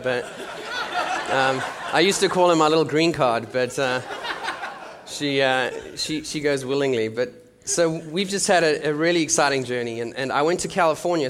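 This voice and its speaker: A man in his thirties giving a conversational sermon testimony with jokey asides and frequent restarts, dropping to a soft hush at intimate moments. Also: on the high side, a little hiss or hum. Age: 30s. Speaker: church speaker sharing his testimony. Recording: long reverb from a large hall.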